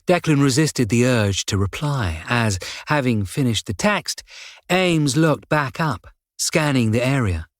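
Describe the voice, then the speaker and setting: A male narrator reads a thriller in a slow, measured voice of middling pitch. The recording is dry and close, with no room sound. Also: lively intonation, no room sound. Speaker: audiobook narrator. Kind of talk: scripted narration.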